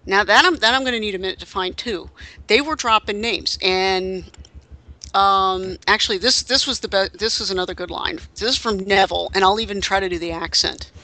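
Bright-voiced man chatting on a podcast. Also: high-pitched, brisk, poor audio. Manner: searches aloud with restarts and fillers. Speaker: podcast co-host. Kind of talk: casual chat, reading quotes aloud.

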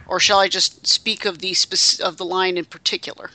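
A woman's voice: fairly low pitch, fairly even intonation, normal speed, sharp tone, dry recording. A woman co-hosting a casual podcast chat, talking in a chatty, wry and indignant way with many restarts. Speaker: podcast co-host. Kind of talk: casual chat about pro wrestling.

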